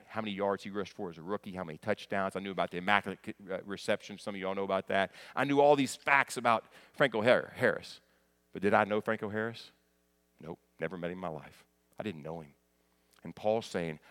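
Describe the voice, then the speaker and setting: A middle-aged male pastor preaching a conversational sermon, moving between quiet explanation and loud, emphatic passages. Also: deep voice, clear, resonant tone.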